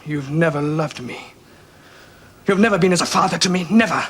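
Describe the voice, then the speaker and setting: A husky, wounded young prince. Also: male voice, fairly high pitch, a little fast, fairly bright tone. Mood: bitter. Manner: bitter, pleading. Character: young male prince, resentful, wounded son. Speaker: emperor's son. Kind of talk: 1970s television period drama.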